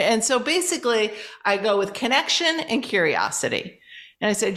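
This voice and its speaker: Woman guest coach, slightly high voice, lively storytelling with acted-out quotes. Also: normal speed. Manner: animated, acts out quoted dialogue. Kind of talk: storytelling in interview.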